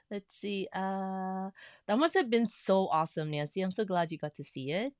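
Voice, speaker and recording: Woman host, casual livestream chat, excitable greetings, dry close-miked sound. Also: mid-range voice, unhurried, smooth, dry recording. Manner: chatty, greets viewers with bursts of excitement. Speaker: livestream host of a quilting group.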